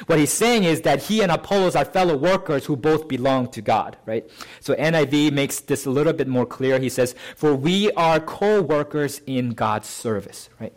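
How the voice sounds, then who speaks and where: A man preaching a sermon as pastor, in a conversational way, often asking "right?" and lifting and slowing his voice on key phrases. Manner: conversational, often adds "right?" to check with listeners; lifts pitch and slows to stress key phrases.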